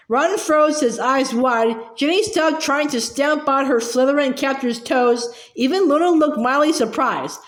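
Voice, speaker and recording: A woman narrating an audiobook in a steady, lightly expressive storytelling manner, with small slips, in an indoor room. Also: sits high, a little slow, hardly any pauses. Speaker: audiobook reader. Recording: roomy echo.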